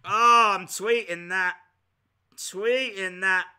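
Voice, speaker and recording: A man giving casual live reactions as a streamer, chatty with excitable, jokey asides. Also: fairly high pitch, slow pace, smooth.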